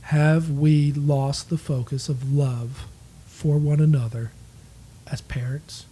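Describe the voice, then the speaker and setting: Casting: man, fairly high voice, podcast co-host, earnest and self-critical, slips into voices when he quotes people. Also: steady tone, slow, dark tone, husky. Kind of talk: candid marriage podcast talk.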